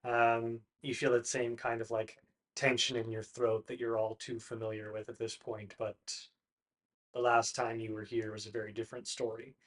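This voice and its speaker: A game master narrating a tabletop game in a quiet, halting way with many fillers. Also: medium pitch, flat delivery.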